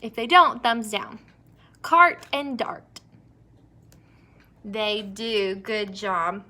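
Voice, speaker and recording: A young woman teacher leading an early-grade phonics lesson, stretching out words slowly and praising the children. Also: mid-range voice, bright, forceful tone. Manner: slow, drawn-out word modeling, encouraging.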